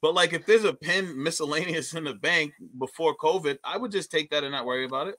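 Bright-voiced rambling male comedian. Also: a little high, fast, no echo. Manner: rambling, laid-back, swears casually. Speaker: comedian guest. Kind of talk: casual chat on a video call.

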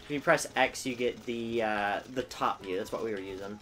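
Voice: medium pitch, normal speed, fairly bright tone. Laid-back gamer explaining the controls. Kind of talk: casual let's-play chat.

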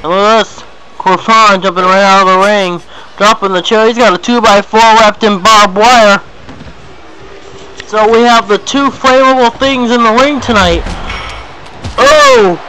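A young man calling a wrestling match play-by-play, excitable and repetitive, with sudden yelps at big hits. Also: high voice, normal speed, slight background noise, poor audio. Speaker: play-by-play announcer.

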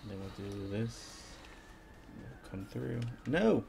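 A man narrating his own gameplay in a slow, laid-back, half-mumbled way. His pitch jumps around a lot, with a gravelly texture. Faint game music plays behind him. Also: animated, noisy background. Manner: casual, half-mumbled, self-talking. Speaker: gaming video host. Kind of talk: let's-play commentary.

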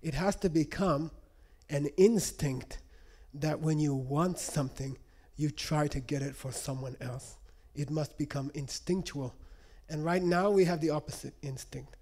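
Male speaker, slightly raised pitch, teaching a room casually. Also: unhurried, few pauses, dark tone, husky. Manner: conversational teaching, frequent "okay?" check-ins. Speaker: lecturer. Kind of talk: live lecture to an audience. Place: lecture room.

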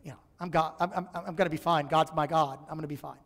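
A man's voice: on the high side, steady tone, fast talker. A man preaching a sermon to his congregation in a conversational, humorous way. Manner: conversational and humorous, acts out voices in his stories. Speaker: pastor. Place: church sanctuary. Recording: church live stream with long hall reverb.

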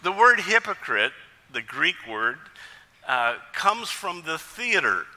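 A man's voice: on the high side, slow, in a large hall. A male pastor preaching a sermon in a church, telling jokes and stories along the way. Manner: lively storytelling with jokes.

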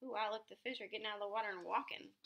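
A woman reading a children's picture book aloud, stopping for chatty, animated asides to young listeners. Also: medium pitch, racing, creaky, noisy background. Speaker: program director and storyteller.

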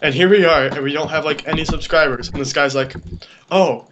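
A man's voice: a little high, brisk. A teenage boy rambling casually while gaming, telling a long story and trailing off with "I don't know.". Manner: rambling, trails off, retells stories with quoted voices. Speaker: gameplay co-host. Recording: dull lo-fi mic with clear background hiss.

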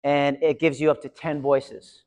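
A man giving a live conference session, chatty and energetic, talking to his audience. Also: a little high, unhurried. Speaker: conference presenter. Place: large conference room. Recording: reverberant hall.

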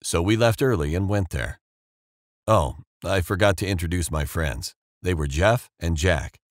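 A man giving a steady, measured first-person narration of a scripted story. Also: sits low, dry recording, clean studio sound. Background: faint background music.

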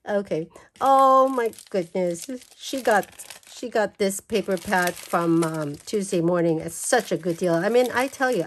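A woman's voice: medium pitch, a little mellow, slight background noise. A woman vlogger gushing and exclaiming as she unboxes and flips through craft paper. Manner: gushing, exclaims over everything. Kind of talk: casual unboxing chat.

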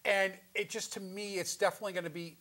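A man hosting a casual film review show, emphatic with strong opinions and quick grades. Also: high-pitched, level tone, a bit bright.

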